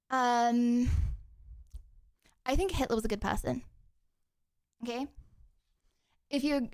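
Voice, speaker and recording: Young woman, streamer, high voice, slow drawl, excitable, rambling. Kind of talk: casual livestream chat.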